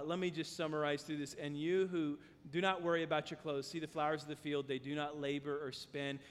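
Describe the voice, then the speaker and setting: A male pastor preaching and telling a story, his voice swinging from loud, high exclamations to quiet, low passages. His pitch sits high for a man. A long hall reverb trails after every phrase. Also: clear, resonant tone. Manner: animated storyteller, voice rising and dropping with the tale. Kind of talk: sermon with storytelling.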